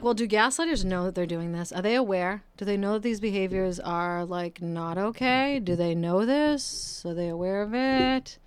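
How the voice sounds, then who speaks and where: With painters at work outside her home, a female podcast host talks alone, right up on the mic. Her mid-range voice is smooth and the recording has no room sound. She rants in a casual way, cursing frequently and poking fun at herself.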